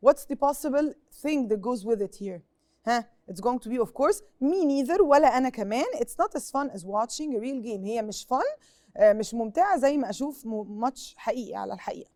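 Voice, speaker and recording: A woman's voice: fairly high pitch, expressive, very fast, warm tone, dry recording, studio quality. A young Egyptian woman teaching an English lesson on TV, asking pupils questions and repeating each point in Arabic. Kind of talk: TV classroom lesson.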